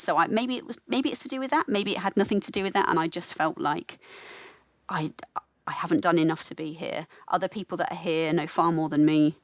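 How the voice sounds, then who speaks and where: A woman with a softened English Midlands accent, a nurse talking candidly and reflectively as a podcast guest, often correcting herself mid-sentence. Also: lowish voice, no room sound. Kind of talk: relaxed podcast conversation.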